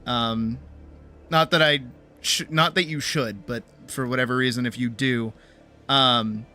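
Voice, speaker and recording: A woman's voice: very deep voice, fairly even intonation, unhurried, sharp tone. A woman streamer giving a rambling, profane pep talk in casual livestream chat. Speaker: streamer and artist.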